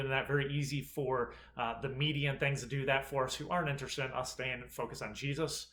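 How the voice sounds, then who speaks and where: A man's voice: medium pitch, fairly bright tone, slight background noise. A man, a pastor, preaching a conversational sermon and retelling a scripture story with quoted lines.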